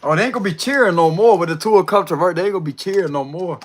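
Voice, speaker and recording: A man's voice: sits high, very fast. A man doing a casual livestream tarot reading, slangy and laughing often as he talks to viewers. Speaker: tarot reader.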